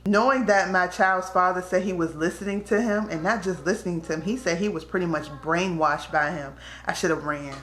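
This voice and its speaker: Woman vlogger, low-pitched and candid, talking straight to camera in a roomy, echoey space. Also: brisk, hardly any pauses, a bit bright. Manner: candid, conversational, slips into quoted voices. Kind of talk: casual storytelling to camera. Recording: echoey room.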